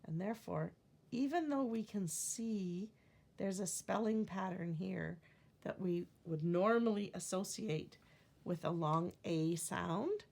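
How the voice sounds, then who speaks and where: A middle-aged woman teaches a phonics lesson in a calm, patient way. Her voice is a little low and has a gravelly edge. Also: slow.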